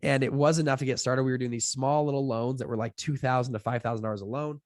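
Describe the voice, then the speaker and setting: A man's voice: medium pitch, quick pace, dry recording, studio quality. A young adult man, a podcast guest, casually telling a long personal story with lots of fillers and acted-out quotes. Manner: chatty, filler-heavy, acts out quotes with lively voices. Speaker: podcast guest, fund founder.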